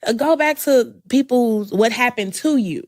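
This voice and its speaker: A woman's voice: fairly high pitch, moderate pace, a little mellow, no echo. A woman in a candid panel conversation who speaks openly and personally and laughs easily, recorded indoors at a community center. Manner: open and personal, laughs readily.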